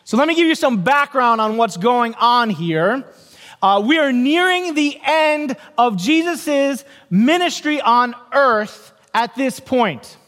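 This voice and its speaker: A middle-aged male pastor with a strikingly high voice preaches in a church sanctuary, and his words ring out with a long reverb. He tells stories with quoted voices and wry, self-mocking humor. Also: expressive, slow pace, fairly bright tone. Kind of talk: sermon.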